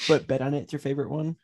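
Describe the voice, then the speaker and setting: A man co-hosting a podcast in casual chat, with a baritone voice, playful and full of questions. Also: darkish tone. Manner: chatty, playful, asks many questions. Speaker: podcast co-host.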